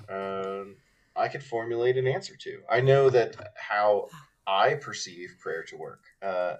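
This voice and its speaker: A man co-hosting a faith podcast, talking casually and haltingly, with many fillers and restarts as he thinks aloud. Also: low voice, distant mic. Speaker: podcast co-host.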